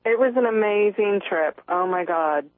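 A woman calls in on a tinny, phone-like line, her voice dry and mid-pitched. As a nurse, she speaks in an excited, tumbling way and keeps restarting her sentences. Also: moderate pace, no echo. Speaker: nurse, caller. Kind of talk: phone-in call. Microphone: telephone.

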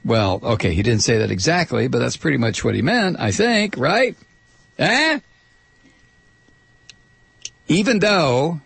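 Gravelly sarcastic male radio host. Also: mid-range voice, no echo. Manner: sarcastic, rambling, mock voices. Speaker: radio talk show host. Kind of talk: talk radio monologue.

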